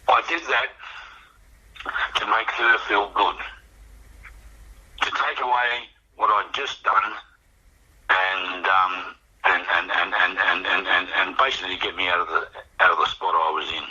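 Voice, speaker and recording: A man's voice: low voice, measured pace, long pauses, pushed and bright, slightly rough, dull audio. An older Australian man telling a personal recovery story in a rambling, reflective way, often repeating words as he goes. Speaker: guest sharing recovery story.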